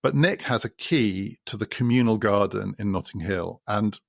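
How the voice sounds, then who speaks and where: Man, podcast host, low voice, gravelly fry, dry close sound, explanatory, repetitive emphasis. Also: normal speed, no echo. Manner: explanatory, builds points by repetition. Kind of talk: spoken literary commentary.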